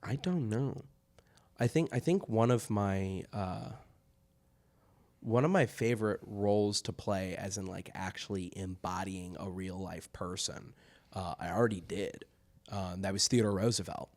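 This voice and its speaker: A man's voice: low voice, a little slow, darkish tone. A man in his twenties, hosting a casual chat, rambling with self-deprecating asides. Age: 20s. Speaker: host.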